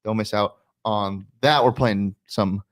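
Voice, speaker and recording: A man hosting a sports betting show, talking casually and fast with frequent fillers and restarts. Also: lowish voice, steady tone.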